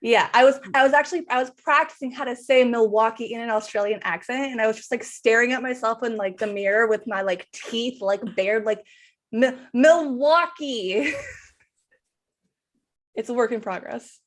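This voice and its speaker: A woman's voice: on the high side, steady tone, fairly quick, few pauses. A woman streamer and tabletop player, chatting casually as she introduces herself and her character.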